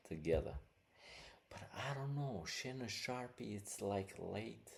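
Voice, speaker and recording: A man's voice: on the low side, animated, takes it slowly, gravelly. A man hosting a podcast, talking casually and rambling, with many fillers. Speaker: podcast host. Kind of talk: casual commentary.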